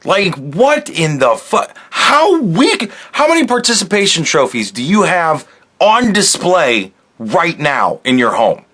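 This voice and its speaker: A man's voice: fairly high pitch, very animated, a little slow, bright, forceful tone. A man hosting a podcast, ranting angrily and sarcastically with lots of swearing. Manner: angry, profane, sarcastic ranting. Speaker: podcast host. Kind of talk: solo podcast rant.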